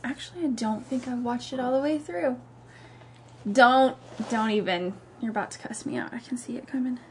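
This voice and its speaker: Dry-voiced woman with a higher pitch. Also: moderate pace, slight background noise. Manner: dry, unimpressed replies. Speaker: guest. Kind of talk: casual chat.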